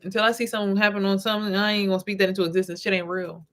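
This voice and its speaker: A woman's voice: medium pitch, level tone, racing, slight background noise. A woman vlogger talking bluntly to camera, telling stories with plenty of profanity. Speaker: vlogger and spiritual reader. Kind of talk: casual talking-to-camera monologue.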